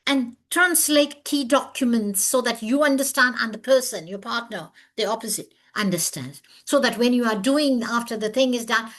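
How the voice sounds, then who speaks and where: Speaking at a moderate pace with hardly any pauses, a woman with a slightly high, animated, fairly bright voice presents a webinar lecture over a video call. She talks earnestly and with emphasis, telling her story in a highly animated way. Originally from overseas, she lives in South Africa.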